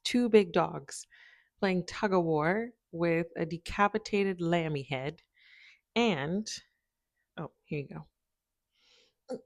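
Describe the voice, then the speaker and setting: A woman with a low, deep voice talks casually to a camera propped by her window. She rambles, laughs often and talks to her dogs between thoughts. The sound is dry and close, with no room echo. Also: slow pace, pauses often. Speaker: spiritual video creator. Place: home, by a window.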